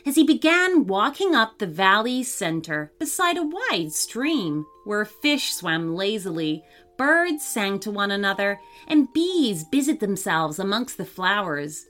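A woman reading a children's story aloud as scripted narration, in an expressive storytelling manner. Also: medium pitch, measured pace. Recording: faint music under the voice.

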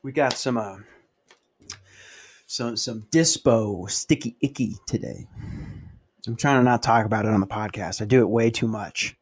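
A man's voice: fairly low pitch, moderate pace, long pauses, breathy edge. A man rambles through a casual podcast monologue, swearing freely and poking fun at himself. He tells his story in loose, winding asides, the way someone talks among friends. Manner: profane, storytelling, self-mocking. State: dry mouth. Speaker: podcast host.

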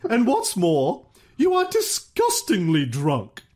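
Man doing shrill indignant lady politician, scolding, falsetto-ish. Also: huge pitch swings, slow, darkish tone, heavily acted. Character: indignant older female politician.

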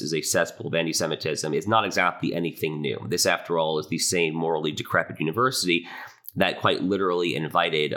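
Deep-voiced man, indignant opinion monologue. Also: pushed and bright. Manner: indignant, impassioned. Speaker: podcast host.

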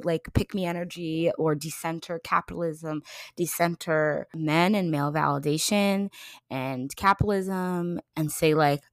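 Young woman podcast host, casual and effusive, lowish voice, dry close sound. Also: no room sound. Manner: effusive and emotional, swinging between excited bursts and slow soft passages. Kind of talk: casual chat.

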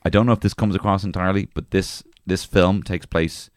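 A man co-hosting a comedy podcast, rambling and crude with halting restarts. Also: low voice, steady tone, dry recording, clean studio sound. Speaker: podcast co-host. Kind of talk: casual comedy chat.

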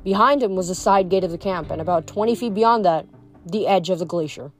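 A woman reading chapters of a novel aloud, measured, with occasional small stumbles over words. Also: on the low side, faint music behind. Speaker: audiobook reader.

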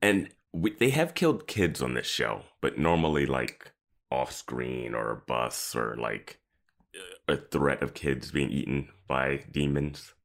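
A man's voice: very deep voice, expressive, a little slow, gravelly. A man co-hosting a podcast, chatting in a laid-back way about a TV episode, laughing often and adding analysis. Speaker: podcast co-host. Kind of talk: casual episode discussion.

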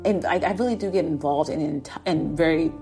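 A woman's voice: low-pitched, a little fast, creaky, dark tone, faint music behind. A woman casually recapping a TV drama episode, chatting and laughing as she acts out the characters' lines.

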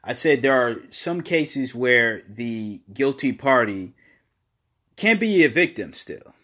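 A man giving casual opinion commentary alone, halting and repeating words, then pressing his points with emphasis. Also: medium pitch, big pitch swings, sharp tone.

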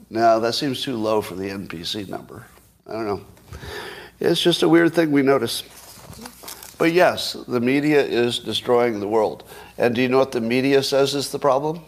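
A man in his sixties hosting a live stream, talking in a sarcastic, mocking way. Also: mid-range voice. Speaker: podcast host.

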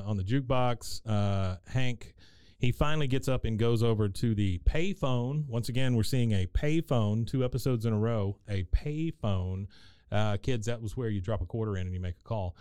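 Host, male, smooth clear voice, easygoing recap, lots of "uh"s. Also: mid-range voice, normal speed, darkish tone, no echo. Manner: meandering, filler-heavy storytelling. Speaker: podcast host. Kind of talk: casual episode recap chat.

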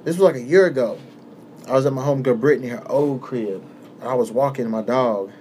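A young man hosting a podcast who tells a story in a relaxed, casual way, swearing often and acting out the voices of the people in it. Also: medium pitch, fairly quick, slight background noise. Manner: laid-back, swears often, acts out quoted voices. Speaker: podcast host.

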